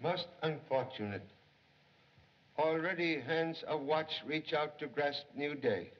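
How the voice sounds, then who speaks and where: Brief: unhurried, aphoristic detective, clipped phrasing, dull old film sound. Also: male voice, a little high. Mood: calm. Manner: terse, clipped, drops articles, formal. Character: calm, aphoristic middle-aged male detective. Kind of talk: 1930s film acting.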